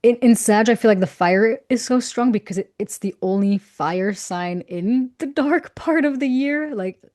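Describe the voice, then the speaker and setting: A woman's voice: fairly high pitch, a little slow, mellow. Reflective woman. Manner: reflective, laughs often, repeats words when starting. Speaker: guest astrologer. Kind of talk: casual podcast conversation.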